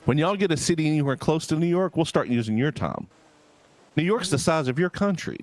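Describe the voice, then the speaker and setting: A brash man in a game role-play, playing an election candidate who jokes around freely. His voice is lively and swings widely in pitch, sitting a bit high for a man. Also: fairly quick, dry recording.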